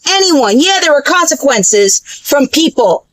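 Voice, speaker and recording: A high-pitched woman vents straight to the camera, stumbling through restarts and swearing freely. The sound is dry and close, with no room around her. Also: measured pace, no room sound, poor audio. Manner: animated, profane, lots of fillers and restarts. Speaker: vlogger. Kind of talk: casual storytelling rant.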